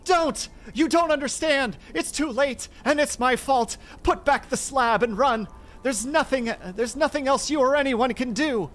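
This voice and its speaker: A man puts on a terrified young man trapped below ground, his voice pushed far up into a strained, frantic yell that cracks into shrieks. The pitch swings wildly as he begs and warns. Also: lively intonation, takes it slowly, pauses often, full character voice. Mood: panicked.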